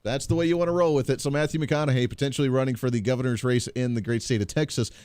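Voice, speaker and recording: A man's voice: mid-range voice, fairly even intonation, rapid-fire, darkish tone, clear, resonant tone, dry recording. A man hosting a talk radio show, a little congested, chatty and joking with frequent restarts, in a radio studio. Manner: chatty, jokey, lots of restarts.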